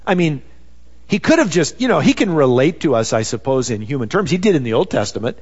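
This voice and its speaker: A man's voice: on the high side, big pitch swings, brisk, a little mellow, breathy edge. Preaching man in a reverberant hall. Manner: conversational preaching with many "you know" fillers. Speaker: pastor. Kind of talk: sermon. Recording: dull sound with long reverb.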